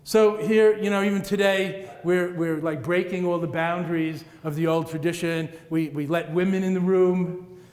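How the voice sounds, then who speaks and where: A man's voice: high voice, steady tone, moderate pace, few pauses, darkish tone. A man, a Buddhist teacher, giving a playful, rhythmic dharma talk to an audience and laughing at his own jokes. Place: large meeting room with audience. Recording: echoey hall, roomy reverb.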